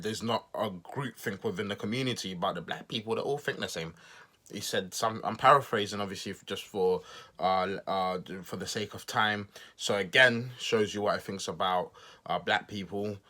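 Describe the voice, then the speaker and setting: A man with a low-pitched but bright, forceful voice hosts his own podcast. He talks through his views casually and loosely, trips over words and restarts sentences often. Now and then he pokes fun at himself. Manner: rambling, with frequent restarts and stumbles; self-deprecating asides. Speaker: podcast host. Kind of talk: casual political commentary monologue.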